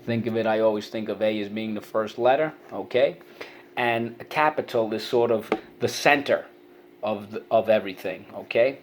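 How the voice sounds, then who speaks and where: A man teaching a spelling lesson, encouraging and sounding out syllables slowly. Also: on the low side, background noise.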